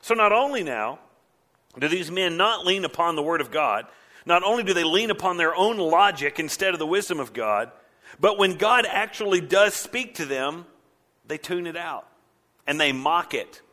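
A man preaching a sermon as a pastor, animated, sometimes mimicking mocking voices. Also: fairly high pitch, moderate pace.

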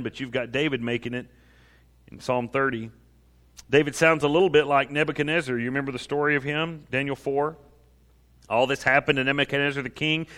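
A man's voice: a little high, a bit bright. A man preaching a sermon, reading scripture aloud with rising and falling emphasis. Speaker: pastor.

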